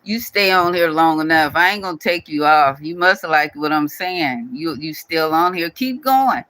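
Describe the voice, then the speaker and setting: Scolding man, bright close voice. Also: a little high, moderate pace, no echo, low-quality recording. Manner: scolding, repetitive, speaks directly to viewer. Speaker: channel owner addressing a commenter. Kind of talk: casual scolding vlog rant.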